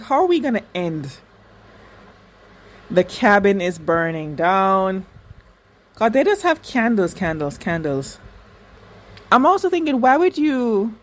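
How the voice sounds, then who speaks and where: Emphatic woman reacting to a TV finale. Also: fairly low pitch. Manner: emphatic and repetitive, swears freely; talks back at the screen. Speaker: reaction vlogger. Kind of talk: casual TV reaction commentary.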